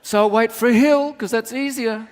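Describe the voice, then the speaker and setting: A man's voice: extremely high pitch, brisk, a little hiss or hum. A man preaching a sermon, telling comic stories and acting out the voices in them. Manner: animated, acts out voices in his stories. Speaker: pastor. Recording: long hall reverb.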